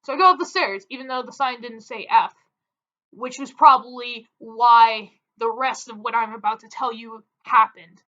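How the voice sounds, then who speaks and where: A young woman tells a story to the camera, chatty and animated, with lots of "like" in her speech. Her voice sits high, and the recording sounds a little dull and lo-fi. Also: normal speed. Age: young adult. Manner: chatty, filler-heavy, animated. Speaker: vlogger. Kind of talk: casual storytelling.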